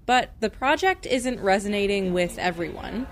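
A woman's voice: mid-range voice, lively intonation, moderate pace. Woman reporter narrating a radio feature. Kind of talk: scripted news narration.

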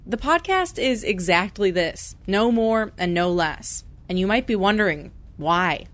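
Woman radio reporter reading a news feature, clear and measured. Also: mid-range voice, animated, fairly bright tone. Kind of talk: scripted news narration.

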